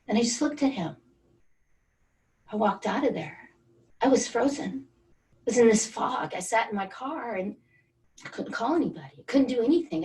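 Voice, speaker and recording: A woman's voice: fairly high pitch, expressive, normal speed, pauses often, darkish tone, distant mic. A woman wellness coach leading an online group through a guided energy exercise, coaxing and encouraging participants by name. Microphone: video call.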